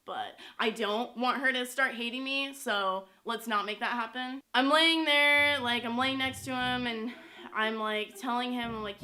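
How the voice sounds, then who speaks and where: A woman's voice: on the high side, unhurried, sharp tone, faint music behind. A young woman telling a personal story in a casual vlog, chatty and full of fillers. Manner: chatty, lots of "like" and "you know". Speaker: YouTuber.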